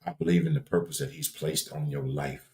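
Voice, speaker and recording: Deep-voiced Southern man preaching encouragement. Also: steady tone, a little fast, darkish tone, roomy sound. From Louisiana. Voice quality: deep, folksy, repetitive cadence. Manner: emphatic and earnest, builds to raised emphasis. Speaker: livestream host. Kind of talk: preachy motivational talk.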